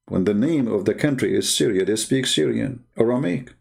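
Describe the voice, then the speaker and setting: A man's voice: mid-range voice, lively intonation, moderate pace, gravelly, hardly any pauses, a little mellow. A man delivering a combative, mocking monologue as an online religious debater, growing heated as he makes his points. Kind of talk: impassioned monologue.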